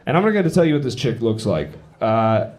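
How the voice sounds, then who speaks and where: A man's voice: mid-range voice, sing-song, brisk, darkish tone. A man performing a profane, brash stand-up comedy set on stage, telling stories and acting out the people in them. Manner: brash, profane storytelling with acted-out quotes. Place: comedy club stage with a live audience. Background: audience laughter.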